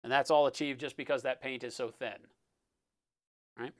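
A man talking through a live-stream painting tutorial in a relaxed, explanatory way, often checking in with "right?" and sometimes muttering as he works. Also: mid-range voice, normal speed, no echo. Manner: muttering while working. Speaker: miniature painting instructor.

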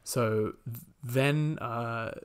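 A man's voice: mid-range voice, extremely slow, clear, resonant tone. A man hosting a podcast, chatting casually about a movie and recapping the plot with lots of fillers and quoted lines. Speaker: podcast host.

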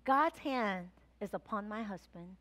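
A woman pastor preaching a sermon to her congregation, telling a personal story with animated retellings of her own thoughts. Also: mid-range voice, unhurried. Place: church sanctuary.

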